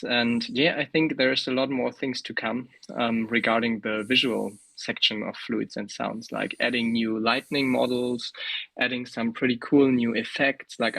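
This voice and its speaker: A man being interviewed as a guest developer, talking in a relaxed, hesitant way with plenty of fillers. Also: mid-range voice, creaky, rough recording. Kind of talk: casual interview over a call.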